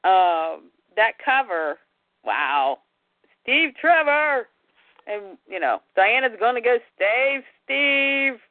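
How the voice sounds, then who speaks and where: A woman's voice: mid-range voice, very animated, takes it slowly, no room sound. A woman co-hosting a casual chat about comics, chatty and exclaiming. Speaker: podcast co-host. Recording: dry, tinny phone-like line.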